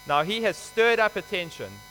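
A man's voice: high voice, sing-song, normal speed, fairly bright tone, faint music behind. A man preaching a sermon, explaining scripture in a conversational, emphatic way. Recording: hall reverb with faint mains hum.

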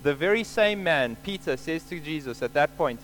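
A man's voice: a little high, lively intonation, normal speed, a bit bright, faint music behind, poor audio. A man preaching a sermon, explaining scripture earnestly and repeating key points for emphasis.

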